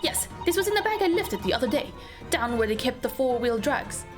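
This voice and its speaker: A woman's voice: high-pitched, big pitch swings, a little fast. A woman doing a cocky young street urchin girl. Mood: lively. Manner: cocky, brash slangy talk. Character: scrappy young female street urchin pickpocket, proud. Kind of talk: reading a game's dialogue aloud. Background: game music.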